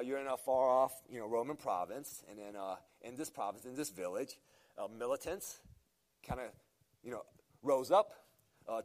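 A man preaching, earnest and emphatic, at a medium pitch. He often restarts his phrases and puts in fillers as he leans on his key points. His voice is that of a pastor teaching his congregation. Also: a little mellow. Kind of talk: sermon.

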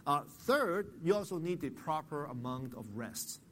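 Earnest man preaching, slightly high voice. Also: animated, measured pace, a bit bright, slight background noise. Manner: earnest, repeats and restarts words, asks the congregation questions. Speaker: pastor. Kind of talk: expository sermon.

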